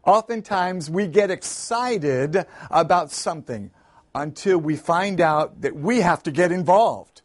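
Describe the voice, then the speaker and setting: A man, a pastor hosting his show, preaching a sermon and telling a story in an animated, folksy way. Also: a little high, unhurried. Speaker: pastor and host.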